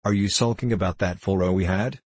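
A man voicing a burly, arrogant middle-aged businessman who talks in a hearty, gruff way. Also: low voice, a little fast, a little mellow, no echo. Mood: bluff hearty.

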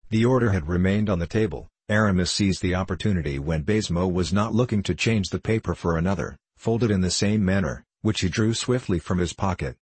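Male audiobook narrator, measured reading, husky low voice. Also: no echo.

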